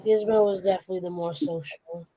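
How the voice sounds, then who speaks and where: A woman co-hosting a casual chat, animated as she tells stories about her pets. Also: on the low side, fast, background noise. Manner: animated storytelling, acts out her pets' voices. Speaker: podcast co-host.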